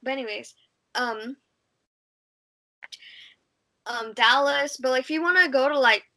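A woman's voice: high voice, brisk, sharp tone. A woman from Texas with a light Texan accent, co-hosting a podcast in a bubbly, rambling way with lots of fillers. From Texas, United States. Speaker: podcast co-host. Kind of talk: casual chat.

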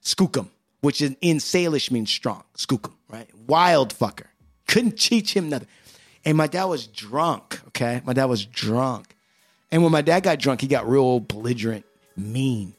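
A man's voice: medium pitch, lively intonation, measured pace. A man telling a rowdy family story in casual podcast chat, profane and laughing as he goes.

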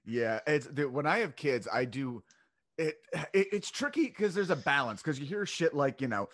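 A man's voice: on the high side, sing-song, fairly bright tone. Wry-joking man in casual chat. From South Jersey. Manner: wry, swearing, quick jokes. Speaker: podcast guest, comedian.

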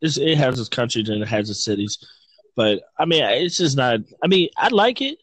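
A man's voice: mid-range voice, very animated, moderate pace, no echo, rough recording. A man from Virginia, hosting a casual chat and rambling as he searches for words. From Virginia, United States. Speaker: host.

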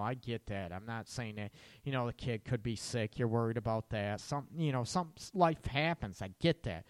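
A man's voice: medium pitch, no room sound. A middle-aged man hosting a podcast, talking casually to listeners and throwing out rhetorical questions with a frequent "right?". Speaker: podcast host.

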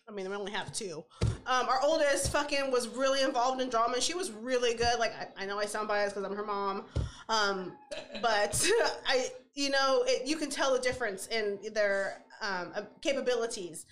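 A woman's voice: fairly high pitch, normal speed, a bit bright. A woman in her forties co-hosting a casual podcast chat, rambling, laughing often and swearing freely. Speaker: podcast co-host.

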